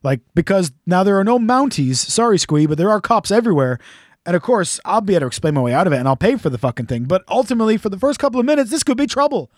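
Man, high voice, very dry sound, casual profane storytelling, rambling and jokey. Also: very animated, quick pace, no room sound. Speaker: podcast host.

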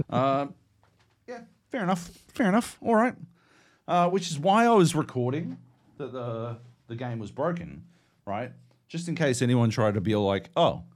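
Aussie bloke ranting on a games podcast, lowish voice that jumps all over, swears a lot. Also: male voice. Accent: Australian. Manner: profane, ranting, animated storytelling. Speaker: podcast co-host. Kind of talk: casual chat.

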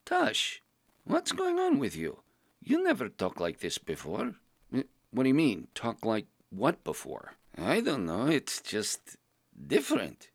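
A man's voice: medium pitch, huge pitch swings, a little slow, gravelly, dry recording, studio quality, exaggerated voice. A man voicing a blunt foreign male adventurer who drops his articles and speaks broken English. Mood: bewildered. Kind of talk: podcast role-play.

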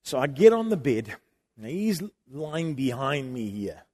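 A middle-aged man preaching, telling a family story in an animated way that swings from loud emphasis to quiet, intimate moments. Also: mid-range voice, a little slow, breathy edge. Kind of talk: sermon storytelling.

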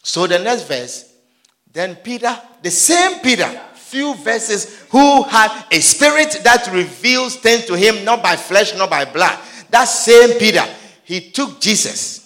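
A man preaching a sermon, emphatic and sing-song, swinging from soft asides to shouted peaks, with repeated call-and-response. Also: sits high, very animated, takes it slowly. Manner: repetitive call-and-response style.

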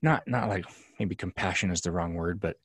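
Male co-host, very low husky voice, hesitant casual delivery. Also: fairly bright tone, no room sound, clean studio sound. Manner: halting, searches for words. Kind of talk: casual conversational chat.

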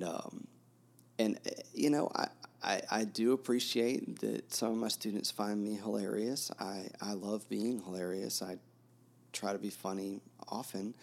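A man's voice: on the low side, gravelly. A man who teaches, co-hosting a casual book discussion, rambling with many fillers and restarts. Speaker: teacher and podcast co-host.

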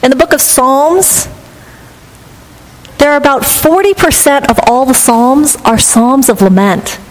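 A woman pastor reading scripture and preaching a sermon in a measured, earnest, reflective manner. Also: sits high. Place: church sanctuary. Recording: long hall reverb.

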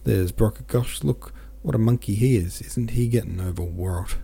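A man's voice: lowish voice, normal speed, gravelly, warm tone, slightly rough, exaggerated voice. A man muttering as a coarse dock worker. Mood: gossiping. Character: rough male dock worker, gossiping in the crowd.

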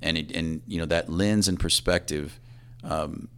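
Very deep-voiced man with a gravelly edge. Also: fairly even intonation. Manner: halting, reflective, often trails off quietly. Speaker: police assistant chief, podcast guest. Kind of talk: reflective personal storytelling.

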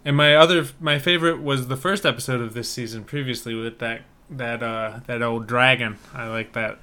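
Bright-voiced man in casual podcast chat. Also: fairly even intonation, moderate pace. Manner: dry, joking, low-key. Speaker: podcast co-host.

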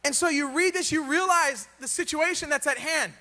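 A man's voice: extremely high pitch, moderate pace, bright, forceful tone, big-room sound. A man preaching a sermon in a casual, joking way, full of rhetorical questions.

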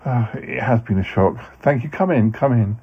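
A man's voice: medium pitch, normal speed, vocal fry, slightly rough. A man hosting a podcast, playing himself in a comedy sketch and talking in a hesitant, stammering way. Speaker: podcast host. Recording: dull lo-fi sound, faint music.

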